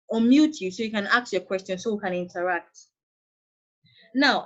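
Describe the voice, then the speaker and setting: A woman with a Nigerian accent teaching an online English lesson, patient and repeating her points. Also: on the high side. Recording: dull lo-fi online class audio.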